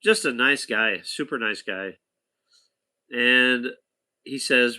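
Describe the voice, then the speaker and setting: A man spins a loose, chatty anecdote in a bright, forceful voice. He wanders and restarts, pausing for asides to his listener. His pitch sits in a normal middle register. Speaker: storyteller talking to a companion. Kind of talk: casual anecdote telling.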